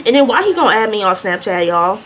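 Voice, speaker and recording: A young adult woman vlogger chatting through a mukbang storytime, telling her story in an animated, chatty way between bites. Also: mid-range voice, fast, slight background noise.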